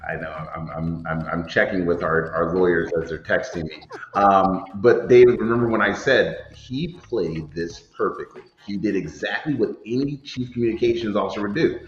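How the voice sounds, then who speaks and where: A fairly low-voiced man co-hosting a talk show, calm and orderly as he lays out his points. His audio sounds roomy and dull, like a lo-fi remote feed, with faint music underneath. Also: moderate pace. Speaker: co-host and communications officer. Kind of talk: casual talk-show commentary.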